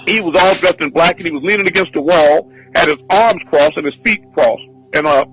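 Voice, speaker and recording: High, bright, husky man telling a story. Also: brisk, faint music behind, rough recording. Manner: excitable, repetitive, restarts often. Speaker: teacher of a spiritual class. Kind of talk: rambling spoken testimony.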